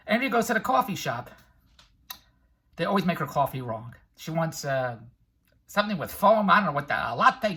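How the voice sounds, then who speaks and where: A man's voice: sits high, lively intonation, brisk, sharp tone, slightly rough. An older man giving a brash, rambling motivational monologue full of tangents, laughing at his own jokes. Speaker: vlogger and infomercial producer.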